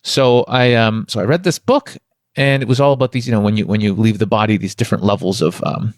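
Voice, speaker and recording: A man from Toronto, a guest on a podcast, rattles off a personal spiritual story at a quick clip. His talk rambles but stays candid. The sound is dry and close, with no room around it. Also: lowish voice, dry recording. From Toronto, Canada. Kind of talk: conversational storytelling.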